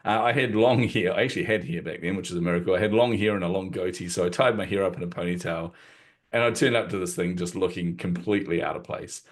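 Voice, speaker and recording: Low-voiced man telling a lively story. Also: fast talker. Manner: animated, acts out quotes, self-deprecating laughs. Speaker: podcast guest. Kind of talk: storytelling in conversation.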